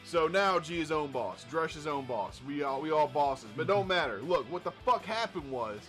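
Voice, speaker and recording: A podcast co-host with a fairly high voice tells a story in a loose, profane, animated way. He acts out what people said as he goes. A clear music bed runs behind him. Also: moderate pace. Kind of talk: casual storytelling chat.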